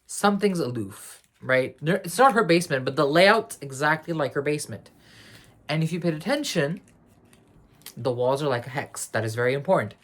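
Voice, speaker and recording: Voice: medium pitch, animated, moderate pace, a bit bright. A speaker giving a casual spoiler review of a TV finale, rambling and slangy, often correcting and restarting mid-sentence. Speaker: TV series reviewer.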